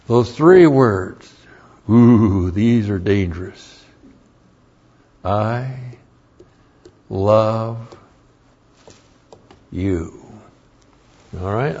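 A man teaching a Bible lesson as a sermon, slow and deliberate, repeating key phrases for emphasis. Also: medium pitch, a little mellow. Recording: dull lo-fi recording.

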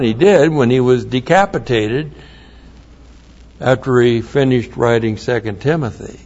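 Slow-talking male preacher, muffled sound. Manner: reads scripture aloud, then explains in plain asides; grows louder and higher when excited. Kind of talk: sermon.

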